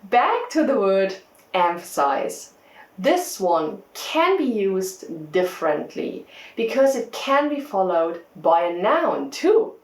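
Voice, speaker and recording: A woman teacher narrates a scripted lesson at an unhurried, careful pace. Her pitch rises and falls expressively as she stresses key words. The room around her sounds echoey. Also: big pitch swings. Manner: clear, deliberate teaching delivery. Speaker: English test-prep teacher.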